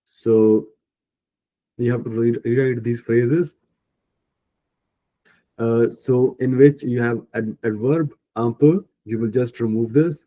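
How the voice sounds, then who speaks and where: A man with an Indian English accent teaching a French class online, speaking slowly and patiently, thinking aloud and correcting himself. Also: mid-range voice, steady tone, mellow, rough recording. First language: Punjabi. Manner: slow, patient, thinking aloud with many fillers; self-correcting mid-sentence.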